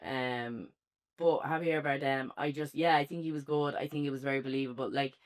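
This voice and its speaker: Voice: mid-range voice, fairly even intonation, a little fast. An Irish speaker co-hosting a casual film review, chatty and rambling with many fillers.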